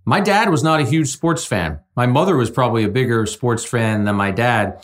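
Measured, earnest man, mid-pitched voice. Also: expressive. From Jersey City, New Jersey. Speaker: sports journalist guest. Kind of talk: casual conversation.

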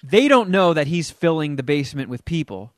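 Middle-aged guy telling a story, kinda high voice, animated, dry close mic. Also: a little fast, no echo. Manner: animated, acts out quotes with big pitch jumps. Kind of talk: casual storytelling in a podcast chat.

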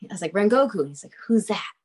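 An animated young woman tells a story in casual chat, her pitch swinging widely. She laughs often, fills her talk with "like" and swears freely. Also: rapid-fire, slightly rough. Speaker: guest telling a story.

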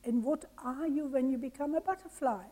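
A woman voicing a gentle, wonder-filled old Frenchman, speaking softly and marveling at things. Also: high-pitched, a little fast, close to an everyday voice.

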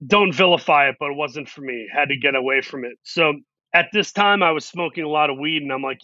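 A man telling animated anecdotes as a guest in an interview, acting out what people said to him. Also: a little high, a little fast, no echo, muffled recording. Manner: animated anecdotes with quoted asides. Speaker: actor guest. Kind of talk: storytelling interview.

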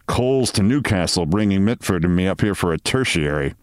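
A man voicing a gruff, grumbling senior male medical specialist. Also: low voice, lively intonation, fairly quick, no echo, studio quality.

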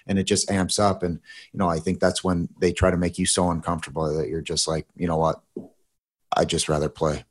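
Very deep-voiced, easygoing man. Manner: easygoing, many fillers and agreeing replies. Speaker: podcast co-host, former hockey player. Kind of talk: casual chat.

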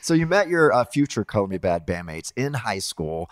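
A man with a Southern accent hosting a casual interview, chatty and quick to laugh. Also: lowish voice, dry recording, clean studio sound. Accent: Southern American. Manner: lively, laughs often, chatty. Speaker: host.

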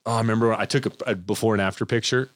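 A man's voice: on the low side, very fast, dry recording. A young man in casual chat, telling stories with animation and acting out the people in them. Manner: animated storyteller, acts out quoted people.

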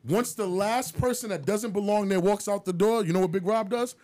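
A man co-hosting a podcast who tells a story in a casual, animated way, with plenty of swearing, and puts on the voices of the people in it. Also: high voice, a little fast. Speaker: podcast co-host.

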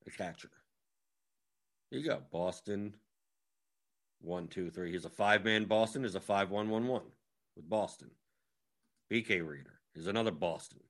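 With a low-pitched, fairly bright voice, a male fantasy sports analyst talks through strategy casually. He rushes along in a scattered way, reeling off lineups and thinking out loud as he scrolls.

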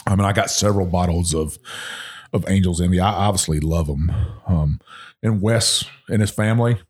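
A man's voice: sits low, normal speed, darkish tone, husky. A man co-hosting a podcast in casual chat, enthusiastic and rambling, with lots of ums. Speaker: podcast co-host.

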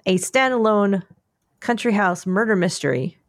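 A woman's voice: medium pitch, lively intonation, normal speed, dry recording, studio quality. A tired woman author, a guest on a podcast, chatting casually and playing with words. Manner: silly, wordplay-prone.

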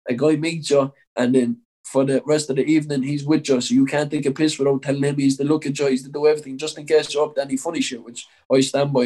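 Young Irish fighter, mid-pitched and loose-tongued, full of "like" fillers and curse words, casual interview storytelling. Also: male voice, dark tone, poor audio. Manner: rambling, peppered with "like" and swearing. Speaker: professional boxer.

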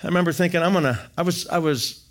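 Male speaker, middle-aged, animated storyteller, slightly higher voice, shares a personal faith testimony. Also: quick pace. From Wisconsin.

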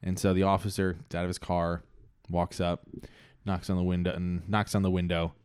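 A man's voice: low voice, little pitch movement, moderate pace, a little mellow, clean tone, dry recording, clean studio sound. A man co-hosting a podcast, improvising a comic story, laughing often and rambling.

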